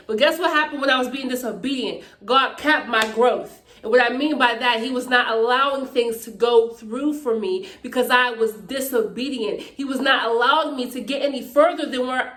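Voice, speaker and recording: A woman's voice: a little high, a bit bright, echoey room. A woman from Pittsburgh talking casually and emphatically to her vlog viewers, often checking in with "okay?". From Pittsburgh, Pennsylvania, USA. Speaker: YouTuber. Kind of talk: casual faith testimony vlog.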